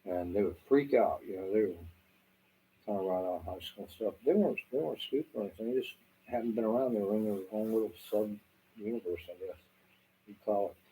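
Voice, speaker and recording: With a Southern accent, a middle-aged Southwest Florida man rambles at the camera, meandering, swearing freely and full of fillers. He speaks fast in a voice on the low side with a dark tone. Poor audio carries faint background noise.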